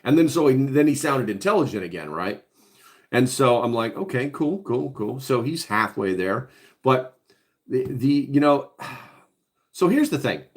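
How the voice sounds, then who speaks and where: A man's voice: mid-range voice, big pitch swings, measured pace, pauses often. A middle-aged man hosting a casual livestream, reading chat comments aloud and answering bluntly, with many fillers and restarts. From Hawaii.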